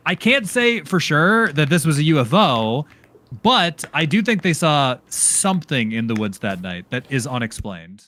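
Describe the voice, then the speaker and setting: A young man co-hosting a casual stream, teasing and excitable, often repeating himself. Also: fairly high pitch, a little slow. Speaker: podcast co-host. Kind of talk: casual livestream chat.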